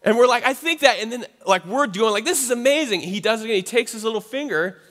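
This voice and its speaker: A young man, a pastor, telling a lively family story in a sermon and closing in prayer. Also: very high-pitched, fast, in a large hall. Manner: animated storytelling, then soft prayer.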